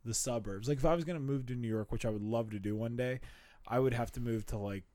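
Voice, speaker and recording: A man's voice: medium pitch, fast, mellow, dry recording. A man in his twenties in a casual podcast chat, rambling laid-back with lots of "like" and "dude". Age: 20s.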